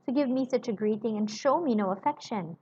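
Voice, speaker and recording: A woman voicing a tearful, loving middle-aged woman who cries out in high, pleading exclamations. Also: fairly quick, a little mellow, breathy edge. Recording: dull lo-fi recording.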